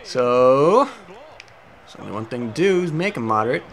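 Very animated and a bit bright, his medium-pitched voice moves at a moderate pace. He's a young let's play host commenting casually on gameplay at home with a cat, rambling, self-mocking and frequently swearing.

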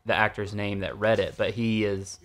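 A man chatting casually as a podcast co-host, rambling in a relaxed way with lots of fillers. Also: lowish voice, moderate pace. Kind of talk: casual chat.

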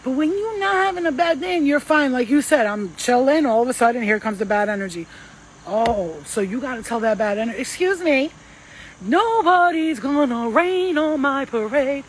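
A woman's voice: a little high, fairly quick, a little hiss or hum, rough recording. A woman who works as a spiritual healer gives casual, emphatic advice full of slang and swearing. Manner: emphatic, profane, slangy and animated.

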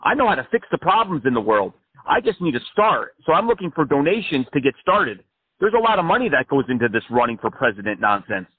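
A man doing a pompous small-time candidate who rambles through an absurd campaign pitch. His voice sits high and husky, squeezed through a thin, phone-like line with no room around it. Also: very animated, quick pace, no echo. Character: self-important male fringe politician, a smooth-talking blowhard. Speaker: prank caller.

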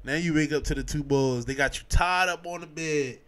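A man hosting a casual podcast, talking in a lively, slangy way and acting out scenes as he recaps a show. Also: a little high, a little fast. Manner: animated, slangy, acts out scenes with quoted voices. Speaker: podcast host.

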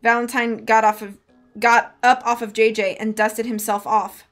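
A woman reads a storybook aloud on a live stream in a fairly high voice. She narrates lively and chats with viewers. Faint music plays underneath. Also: moderate pace. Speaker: streamer reading a book aloud.

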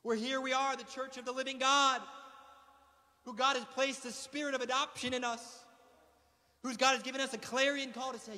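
Male pastor, very high voice, fervent preaching, echoing sanctuary. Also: fairly even intonation, a little fast, sharp tone. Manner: impassioned preaching with rising intensity. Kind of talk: sermon. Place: church sanctuary. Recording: long reverb of a church hall.

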